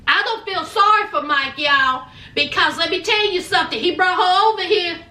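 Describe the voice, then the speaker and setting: A woman with a very high, bright voice gives a sassy, slow, drawn-out recap of a reality show. She talks straight to her listeners and keeps calling them honey. The mic sits some distance away in an echoey room. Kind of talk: sassy casual recap commentary.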